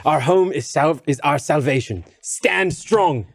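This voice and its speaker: Man playing a firm eldest boar, put-on accent, very lively pitch, dry sound. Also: measured pace, creaky, dry recording, exaggerated voice. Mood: commanding. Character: stern eldest male boar, wise and firm. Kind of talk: comedic improvised storytelling.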